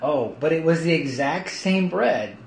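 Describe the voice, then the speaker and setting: A man's voice: on the high side, unhurried, vocal fry. Chatty man livestreaming from an echoey kitchen. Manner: chatty, lively, laughs often. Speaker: home baker livestreaming. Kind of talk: casual livestream chat. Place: home kitchen. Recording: echoey room, faint hiss.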